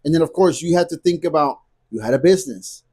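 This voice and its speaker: A man in his thirties vents straight to camera in a casual vlog. His voice is husky and mellow, a bit higher than usual for a man, and he hammers his points home with repetition. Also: quick pace. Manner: emphatic, repetitive, ranting. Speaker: vlogger.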